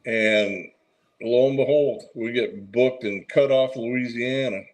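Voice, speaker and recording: Veteran wrestler telling an easygoing story. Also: male voice, mid-range voice, slow, rough recording. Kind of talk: casual storytelling.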